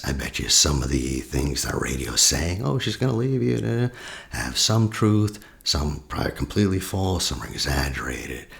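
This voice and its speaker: A man, a therapist, talking a listener through a guided meditation in a slow, soft voice that often drops to a near whisper. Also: extremely low pitch, gravelly. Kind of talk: guided meditation with teaching asides.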